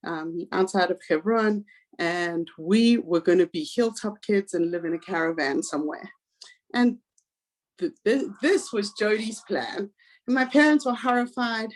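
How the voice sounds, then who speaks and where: A South African woman in her forties, a guest speaker telling her life story in a lively way and acting out the voices of people she quotes. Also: mid-range voice. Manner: animated, acts out quoted voices. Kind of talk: personal storytelling talk.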